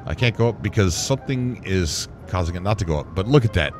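A man hosting a gaming channel who gives casual gameplay commentary, excitable and rambling and often laughing. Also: sits low, fast, soft background music.

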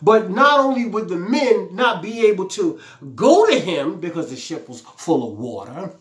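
A man's voice: sits high, big pitch swings, normal speed, reverberant. A man preaching a sermon with fervent exclamations, repeating his lines and acting out the scripture in a pleading voice. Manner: paraphrases the scripture aloud in a pleading voice.

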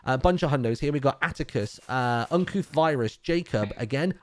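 A British man reading out donor names and messages on a charity game stream, brisk with filler ums. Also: mid-range voice, lively intonation, no room sound. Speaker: livestream donation reader.

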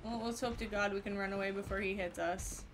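A woman streamer giving excitable, foul-mouthed commentary to her viewers while playing a game. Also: mid-range voice, fast talker, heavy background noise. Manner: excitable, swears freely, talks to her viewers. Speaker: gaming streamer. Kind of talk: let's play commentary. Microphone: headset or desk mic.

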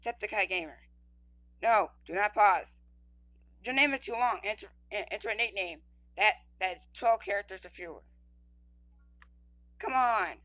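This woman talks through a mobile game in casual commentary, and her bright, edged tone cuts through. She stumbles, restarts and repeats words as she reads on-screen text aloud. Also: mid-range voice, moderate pace, pauses often.

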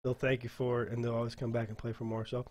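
Working at his desk mic, a man clicks through software for a casual dungeon master tutorial shared on screen, his talk rambling and halting. His pitch is medium and his delivery is completely flat.

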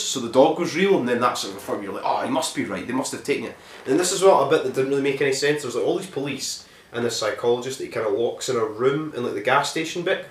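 A man casually retelling a film's plot as a reviewer, rambling and swearing, with lots of "like" fillers. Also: medium pitch. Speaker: film reviewer. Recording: roomy echo.

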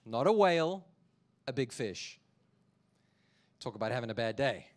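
A man preaching a sermon as a pastor, telling the story in an animated, jokey way. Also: medium pitch, measured pace.

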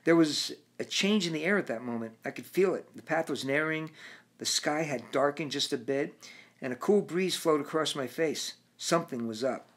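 A man narrating his own book in a measured reading voice with occasional restarts. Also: on the high side, lively intonation. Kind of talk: audiobook narration.

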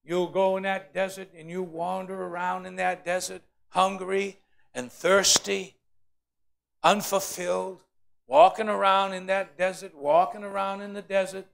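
A pastor preaching a sermon in church, swinging between quiet, low passages and loud, climbing emphasis as he acts out complaining voices. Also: flat delivery, a little slow, creaky. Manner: preaching with rising shouted emphasis, acting out complainers. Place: church sanctuary.

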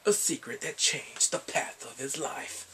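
A man giving a casual spoken drama review, retelling scenes in an animated way and acting out the characters' lines. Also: on the high side, unhurried, a little hiss or hum.

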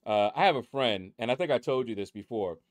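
A man's voice: medium pitch, animated, fairly quick, no echo. A man hosting his mobile game channel, chatting in a rambling, easygoing way from a room at home. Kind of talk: casual chat over game leaderboards.

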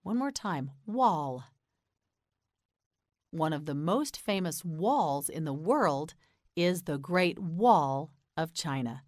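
Speaking slowly and patiently, an American woman with a deep, expressive voice narrates a clear, scripted lesson on pronouncing English words. She says words slowly and repeatedly, prompting the listener to echo them. The recording is clean studio sound without any echo.

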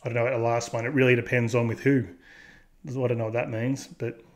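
A man's voice: mid-range voice, little pitch movement, fast talker. A man hosting casual commentary, talking in a blunt, crude way and laughing at his own jokes. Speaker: host. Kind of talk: casual commentary reacting to posts.

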